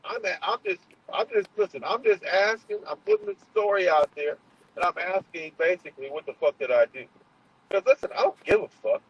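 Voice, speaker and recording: Husky-voiced man ranting on a livestream. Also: high-pitched, lively intonation, fairly quick, highs cut off. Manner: rambling, profane, confrontational, many fillers and restarts. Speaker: livestream host. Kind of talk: heated livestream monologue.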